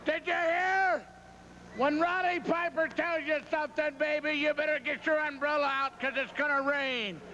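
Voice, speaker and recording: A man's voice: very high-pitched, steady tone, normal speed, sharp tone, slight background noise. A man cutting a wrestling promo, brash and threatening, trash-talking his opponents, on muffled old TV footage. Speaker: pro wrestler.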